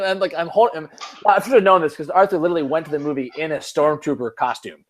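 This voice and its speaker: A man's voice: fairly high pitch, brisk, long pauses. A man from Cleveland hosting a podcast, chatting casually in a rambling, self-mocking way and laughing often. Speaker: podcast host.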